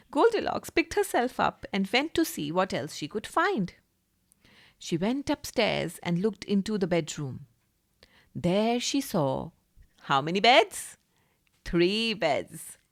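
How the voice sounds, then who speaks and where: Woman, teacher, Indian English accent, children's story reading, sing-song, very animated, unhurried. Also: medium pitch.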